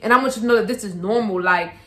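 A woman's voice: mid-range voice, rapid-fire, fairly bright tone. A young woman and mother talking casually to camera in a vlog, full of slang, asides and "like"s. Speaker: vlogger, mother. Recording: echoey room.

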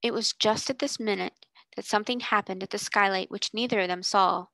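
Female narrator, steady read-aloud storytelling, some vocal fry. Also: mid-range voice, fairly quick, no echo, poor audio. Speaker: tutor reading aloud.

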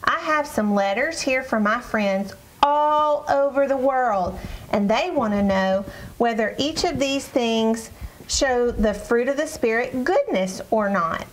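A woman voicing a friendly girl puppet who teaches children in a church puppet show, speaking in a bright, encouraging storybook tone. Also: fairly high pitch, lively intonation, slow, a little hiss or hum, rough recording. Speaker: puppet presenter.

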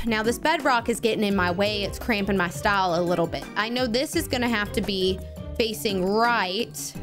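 A woman hosting a Minecraft video with excited, playful commentary, gasping and shrieking often. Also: medium pitch, normal speed, over music. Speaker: gaming YouTuber host.

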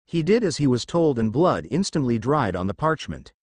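A man narrating a fan fiction story in a brisk, matter-of-fact way. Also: mid-range voice, big pitch swings, darkish tone, no room sound.

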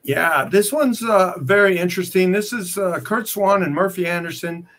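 High, bright-voiced joking man. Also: normal speed. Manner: playful, clowning with mock French. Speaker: comic art dealer. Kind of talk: joking live sales banter.

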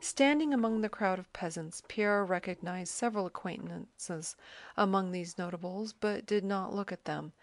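A woman reads a classic novel aloud for an audiobook, her storytelling measured and even. Her pitch sits in the middle range, and the recording has no room sound.

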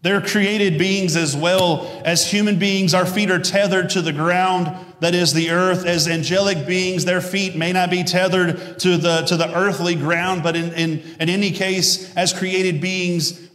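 A man's voice: sits high, fairly even intonation, unhurried, few pauses, a bit bright. A male pastor giving a conversational sermon with jokes, asides and self-corrections. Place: church sanctuary. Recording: echoey church hall.

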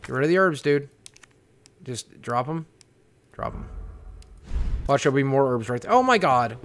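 A man's voice: mid-range voice, moderate pace, a little hiss or hum. A young man hosting a horror game playthrough, jumpy and panicky, swearing and repeating himself over and over. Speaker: gaming video host. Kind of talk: let's play commentary.

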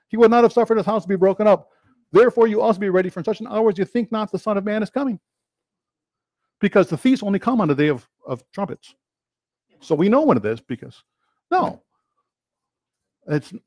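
A man preaching a sermon, quoting scripture and acting out questions and answers in lively back-and-forth. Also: sits high, dry recording, studio quality. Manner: animated, quotes scripture and acts out rhetorical dialogue.

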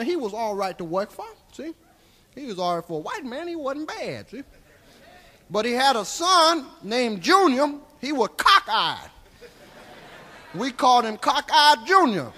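A comedian playing a crude, rambling old Southern storyteller with a Southern US accent, drawling folksy tales on a live stand-up stage. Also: male voice, extremely high pitch, sharp tone, full character voice. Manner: drawling, folksy, keeps tagging lines with "see?". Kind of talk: live stand-up character monologue.

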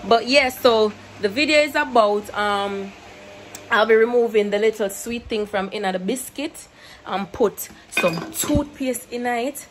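A woman's voice: fairly high pitch, measured pace, background noise. A young woman with a Jamaican accent chatting casually to her camera, mixing English with patois and laughing often. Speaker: YouTuber. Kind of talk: casual vlog chat to camera.

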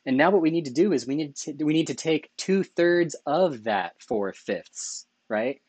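A man's voice: fairly high pitch, lively intonation, normal speed, a little mellow, husky, no room sound. A man teaching a math lecture over slides, enthusiastic, correcting himself often and asking "right?" as he goes. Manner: enthusiastic, self-correcting, asks rhetorical questions with "right?".

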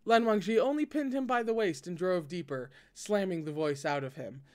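A man's voice: high-pitched, normal speed. A man hosting a casual read-aloud of a novel, often breaking off the text for wry, joking commentary. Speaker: host reading a novel aloud.

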